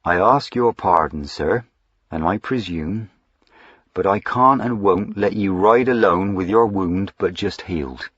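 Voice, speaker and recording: A man voicing a quiet, devoted male servant who speaks softly in a rustic dialect. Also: deep voice, a little slow, slightly rough, dry recording, lo-fi sound, full character voice. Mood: quiet, earnest. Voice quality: soft-spoken, rustic dialect. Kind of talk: audiobook character voicing.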